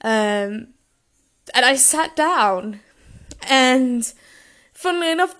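A woman's voice: a little high, fairly bright tone. A young woman tells a personal story in a gushing, emotional way and laughs often.

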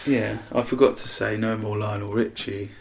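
A man's voice: lowish voice, fairly even intonation, moderate pace, creaky, slight background noise. A man co-hosting a casual chat about old pop charts, joking around and laughing a lot. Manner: jokey, puts on silly accents and laughs a lot.

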